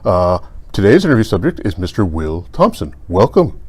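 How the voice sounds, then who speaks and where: A man voicing a sarcastic stuffed toy bear who hosts a comedic interview, teasing his guest in a deadpan way with many fillers. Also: low-pitched, normal speed, breathy edge, no echo, heavily acted. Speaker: host.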